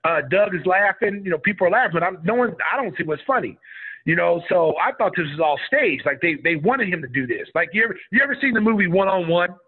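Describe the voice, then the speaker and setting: A man's voice: sits high, fast, breathy edge. A middle-aged man from Oklahoma telling a story in a casual interview, acting out what people said in a raised voice. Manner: animated storyteller who acts out quotes in a raised voice. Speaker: guest, former basketball player. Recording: tinny phone-like line.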